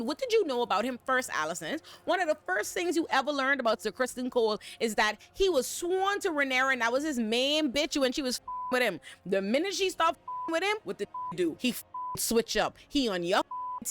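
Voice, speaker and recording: A woman hosting a casual TV recap, talking in a brash, profane, slangy and animated way. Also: high voice. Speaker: show recap host.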